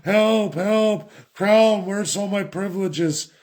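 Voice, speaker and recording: A man's voice: high-pitched, slow, a little mellow, pitched above the performer's own voice. A man voicing a self-pitying, broke Canadian man who whines and pleads for help. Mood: whining. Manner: whiny, pleading.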